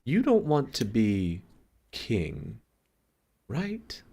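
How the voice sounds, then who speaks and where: A distracted young woman speaks in clipped, stammering bits while busy packing , as a man game master puts her on. Her voice stays low and quiet. It comes from a tabletop role-play game. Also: fairly even intonation, drawn-out words. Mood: flustered.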